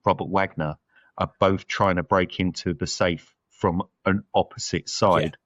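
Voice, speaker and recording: A man's voice: deep voice, fairly even intonation, unhurried, fairly bright tone, no room sound, muffled recording. A man co-hosting a podcast, chatting casually about a film and thinking aloud with lots of fillers. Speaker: podcast co-host. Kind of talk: casual film review chat.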